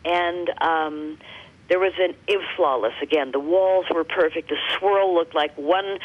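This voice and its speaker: American woman, interview guest, animated storyteller, lo-fi radio sound. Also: on the low side, unhurried. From United States. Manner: animated, breezy anecdotes with fillers. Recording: dull lo-fi radio line.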